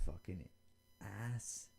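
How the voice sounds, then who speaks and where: With a very slow, expressive, fairly low voice that is creaky, darkish and slightly rough, a young man rambles through his solo podcast. He acts out both sides of invented conversations, casual and occasionally profane.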